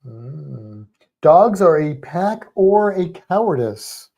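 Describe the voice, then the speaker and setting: A man's voice: on the high side, gravelly. A man co-hosting a livestream, chatting casually and rambling with fillers. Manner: relaxed, rambling, halting with fillers. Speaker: livestream co-host. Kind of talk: casual chat.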